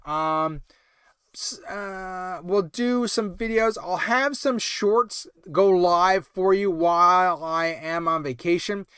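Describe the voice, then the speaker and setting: A man hosts a late-night livestream, sounding tired and loose as he rambles through halting, filler-heavy chat. His voice sits high for a man and comes through smooth and clear. The sound is dry and close, with no room echo. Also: a bit bright. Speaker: toy collecting livestream host.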